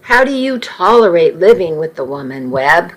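A woman's voice: on the low side, big pitch swings, moderate pace. A woman doing a blustering sarcastic dad. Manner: blunt, sarcastic. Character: blustering protective father, middle-aged man. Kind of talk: reading a story aloud.

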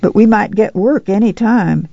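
A meek, ashamed mother pleads in a thin, whining voice pitched well up, as an audiobook reader puts her on. The sound is gravelly, dark and dry, from a dull lo-fi recording. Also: normal speed, no echo. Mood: pleading.

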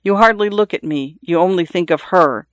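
A pompous middle-aged husband lectures and scolds in a grand, sonorous tone, put on by the audiobook narrator. The voice is raised, overbearing and self-important. The sound is dry and close, with no room around it. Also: male voice, high-pitched, normal speed, dry recording, close to an everyday voice. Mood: scolding. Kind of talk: audiobook character voice.

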